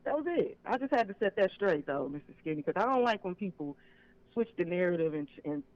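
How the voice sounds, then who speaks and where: A man's voice: high-pitched, sing-song, a little fast, lo-fi sound. A man calling in to a live show, telling his side in an emphatic, aggrieved way. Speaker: caller. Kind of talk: phone-in call on a live stream. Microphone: phone line.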